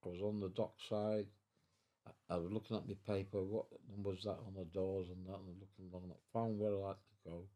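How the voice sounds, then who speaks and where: A man's voice: low voice, level tone, fairly quick, mellow. A man in his nineties telling his life story at home in an interview, rambling and restarting as he goes. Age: 90s. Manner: rambling, repeats and restarts, chuckles while telling. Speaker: veteran interviewee.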